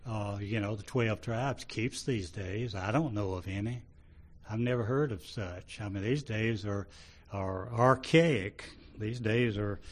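A man preaching a sermon to his congregation, halting and full of restarts, rising loud when he reads scripture and dropping low between. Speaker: pastor.

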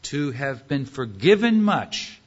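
A man's voice: mid-range voice, big pitch swings, slow, muffled recording. A man preaching a sermon, reading scripture and acting out its characters with rhetorical questions.

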